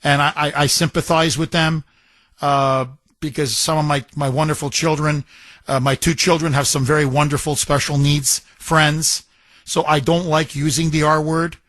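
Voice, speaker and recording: Bright, forceful talk radio host. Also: male voice, on the high side, little pitch movement, moderate pace, dry recording. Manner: combative, sarcastic, ranting. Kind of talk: opinionated talk radio monologue.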